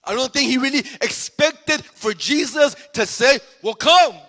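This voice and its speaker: A man preaching a sermon as pastor, animated and repetitive, acting out the speakers in the story. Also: extremely high pitch, unhurried. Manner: animated preaching, repeats phrases, acts out voices. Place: church sanctuary. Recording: long hall reverb.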